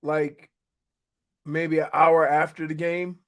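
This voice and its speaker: High-voiced, playful radio co-host. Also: male voice, little pitch movement, slow pace. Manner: laughs often, playful. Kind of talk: casual sports radio chat. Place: radio studio.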